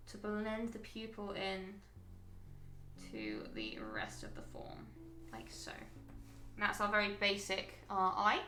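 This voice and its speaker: A woman's voice: medium pitch, pushed and bright, roomy sound. A woman chatting casually and thinking aloud as she walks viewers through a live painting stream. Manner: chatty, thinking aloud while working, frequent ums.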